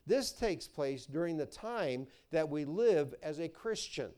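A man pastor preaching a sermon, reading verses slowly with emphasis and telling stories with bursts of animation. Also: a little high, animated, warm tone.

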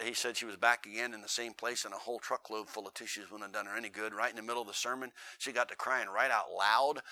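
A man's voice: mid-range voice, bright, forceful tone. A male preacher telling stories in a sermon, with a folksy, earnest and dramatic way of talking. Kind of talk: storytelling sermon.

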